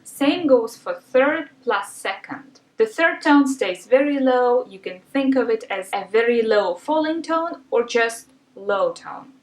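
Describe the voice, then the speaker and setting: A woman teacher explains pronunciation step by step in a patient, instructive way, with a small filler now and then. Her voice sits a little high. It carries an echo from a room, picked up from a few feet away. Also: lively intonation, measured pace, hardly any pauses. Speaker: language teacher. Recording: roomy sound from a distance.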